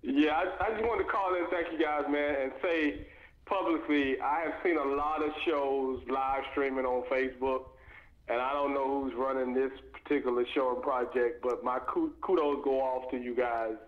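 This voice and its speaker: A man's voice: mid-range voice, fairly even intonation. A man calling in to a live show, thanking the hosts in an easygoing way with many fillers. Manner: grateful, easygoing, halting with fillers. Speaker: caller. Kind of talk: casual call-in chat. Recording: tinny phone line.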